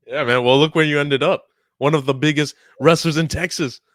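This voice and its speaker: A man's voice: a little high, fairly even intonation, fairly quick, a bit bright, no room sound, studio quality. A man hosting a casual interview, giving short supportive prompts. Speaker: interview host.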